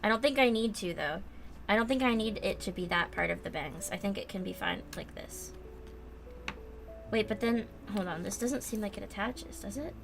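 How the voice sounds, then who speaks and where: A woman's voice: medium pitch, moderate pace, gravelly. A young American woman chatting casually on a livestream while she builds a model kit, rambling and reading chat aloud with lots of fillers. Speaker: streamer. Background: faint background music.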